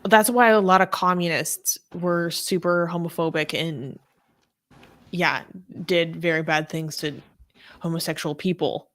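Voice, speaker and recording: A woman's voice: on the low side, steady tone, measured pace, a bit bright, no echo, clean studio sound. A woman co-hosting a casual livestream, chatty and laughing often, with lots of fillers. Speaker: co-host.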